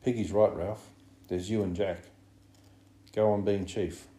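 A quiet, thoughtful young boy urges his friend gently, as a deep-voiced man reads him. The audiobook has a roomy echo. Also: steady tone, a little slow, lightly acted. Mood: urging.

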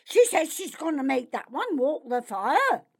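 Anxious gravelly male guard for an audiobook, a woman doing the voice, high-pitched, slow delivery. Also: sing-song, full character voice. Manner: anxious, grumbling. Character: nervous gossiping male outlaw guard. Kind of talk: audiobook character voice.

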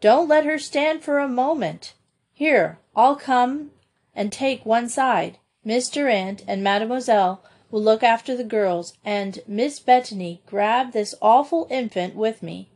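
A woman reading aloud, voicing a kindly but firm male doctor who gives brisk orders. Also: fairly high pitch, darkish tone. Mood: commanding. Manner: brisk, commanding.

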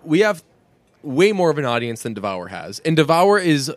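A man's voice: on the high side, big pitch swings, normal speed, no echo. A young man co-hosting a podcast in casual chat, rambling through stories and laughing often. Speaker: podcast co-host.

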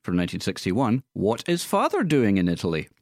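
Low-voiced man stumbling through names. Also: huge pitch swings, a little mellow, no echo, studio quality. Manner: halting reading with many fillers, stumbling over foreign names. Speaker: radio film-news co-host. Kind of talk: casual radio chat. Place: radio studio.

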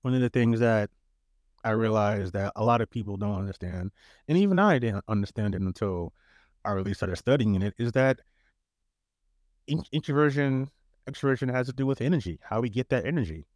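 A man's voice: lowish voice, expressive, fairly quick, darkish tone, no echo, studio quality. A man co-hosting a podcast in a laid-back, joking way, often restarting his words. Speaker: podcast co-host. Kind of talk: casual chat.

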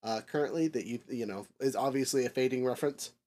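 A man hosting a casual discussion podcast, rambling with lots of fillers and restarts, nerdy and quick to chuckle at his own tangents. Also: medium pitch, darkish tone. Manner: rambling, filler-heavy, self-correcting. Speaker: podcast host.

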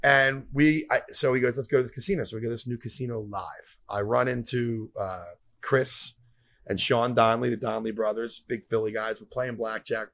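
A man's voice: mid-range voice, fairly even intonation, moderate pace, creaky, fairly bright tone. A man hosting a comedy podcast who tells a rambling story with lots of profanity.

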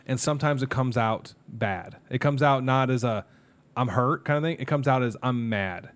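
A man's voice: medium pitch, normal speed, a bit bright. A man in his thirties co-hosting a casual podcast, telling candid, emotional personal stories with lots of fillers and restarts. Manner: candid, rambling, emotional storytelling with many fillers. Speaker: podcast co-host, mascot performer.

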